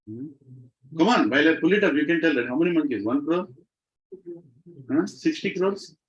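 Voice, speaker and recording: A man telling devotional stories to a group, animated and asking the audience questions. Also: a little high, normal speed. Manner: lively, animated storytelling, asks audience questions. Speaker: devotional speaker. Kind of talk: devotional storytelling talk. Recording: slightly muffled recording.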